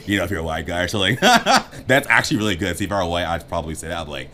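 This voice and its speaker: Low animated man joking freely. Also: fast, few pauses, slight background noise. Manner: animated, joking, swings between loud and muttered asides. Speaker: co-host giving dating advice. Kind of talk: casual uncensored chat.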